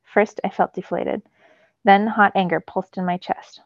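A woman teacher reading a novel aloud to her students in a steady storytelling way. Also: medium pitch, measured pace, dry recording, muffled recording.

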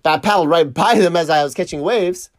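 A man's voice: on the high side, fairly quick, no echo, studio quality. A man telling a story casually, swearing and laughing as he reflects on a mishap while surfing. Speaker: surf vlogger.

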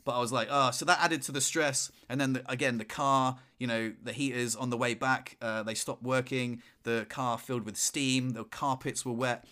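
Bright-voiced man telling a story. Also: mid-range voice, moderate pace, few pauses. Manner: animated storyteller, shouts in retold moments. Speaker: podcast co-host. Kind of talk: casual chat, storytelling.

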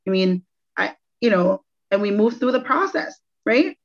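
A woman's voice: medium pitch, very animated, measured pace. A woman guest sharing a personal faith testimony in an interview, earnest and reflective, repeating phrases for emphasis. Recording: dull lo-fi audio.

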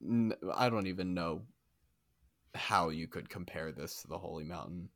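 A man's voice: sits low, moderate pace, a bit bright, no room sound, clean studio sound. A man co-hosting a podcast in casual chat, ranting with exasperated emphasis. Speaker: podcast co-host.

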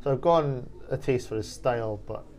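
A man in casual podcast film chat, animated and rambling with fillers. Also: medium pitch, normal speed, a little hiss or hum.

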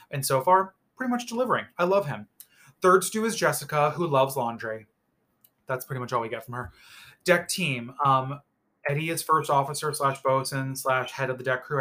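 Man, bright bright-toned voice, loose rambling recap, opinionated and profane, lots of filler words. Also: medium pitch. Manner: rambling, opinionated, swears freely, heavy "like" fillers. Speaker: reality TV recap host. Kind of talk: casual TV recap monologue.

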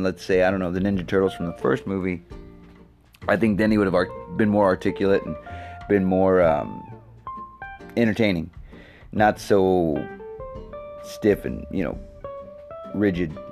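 A man's voice: deep voice, normal speed, pauses often, darkish tone, soft background music. A man hosting his own show in a casual, rambling monologue, swearing freely and joking sarcastically. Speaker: podcast host.

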